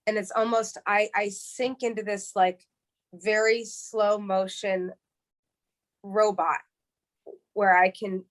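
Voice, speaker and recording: A woman's voice: medium pitch, a bit bright. New york woman guest, stops and restarts a lot, heartfelt, mid-range voice. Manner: halting, repeats words and restarts often; heartfelt and earnest. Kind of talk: emotional interview, candid storytelling.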